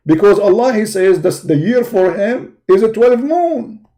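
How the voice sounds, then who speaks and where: His voice high, dark, and expressive, a man hosts a combative live call-in debate stream at a measured pace. Sounding tired, he searches a website while mocking and insulting opponents, repeating things for emphasis.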